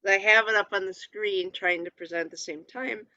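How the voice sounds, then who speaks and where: A teacher giving an informal lesson on letters and vowels, pausing often with ums and reading lists of words aloud while sharing a screen. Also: mid-range voice, steady tone, bright, forceful tone, dry recording, muffled recording. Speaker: Hebrew teacher. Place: presenting a lesson from a screen share.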